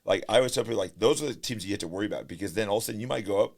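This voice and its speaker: A man's voice: on the low side, racing, gravelly, a little mellow. A man coaching youth basketball as a guest in a casual podcast chat, talking conversationally and filling his sentences with "like" and "right". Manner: conversational, full of likes and rights, repeating himself.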